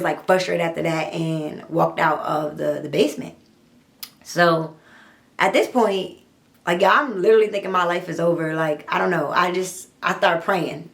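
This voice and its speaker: A young adult woman, telling her own story in a blunt, profane, animated storytime monologue. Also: lowish voice, moderate pace, creaky. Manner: blunt, profane, animated retelling with quoted dialogue.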